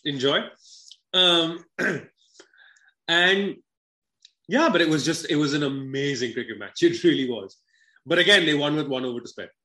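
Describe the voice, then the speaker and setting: A man's voice: fairly high pitch, measured pace, long pauses, bright, forceful tone. A man co-hosting a podcast in casual cricket chat, joking and laughing often with swearing banter. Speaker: podcast co-host. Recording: echoey room.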